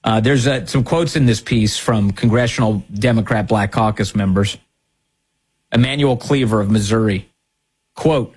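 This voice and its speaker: A man's voice: lowish voice, moderate pace, a little mellow, slightly rough. A man delivering an indignant, sarcastic opinion monologue as a commentary host, with an emphatic way of talking.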